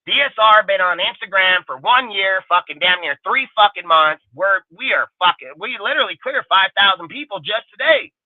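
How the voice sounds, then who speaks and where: A man's voice: sits high, expressive, moderate pace, hardly any pauses, no echo. A man hosting his own channel, ranting angrily and cursing constantly at his critics. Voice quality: aggressive, profane, combative. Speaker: channel host. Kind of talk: profanity-heavy ranting livestream. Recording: tinny phone-like livestream audio.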